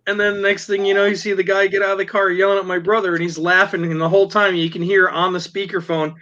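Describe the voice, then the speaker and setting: A man hosting a casual livestream chat, telling stories in an animated way and laughing often. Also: high voice, quick pace, dull audio. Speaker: livestream host.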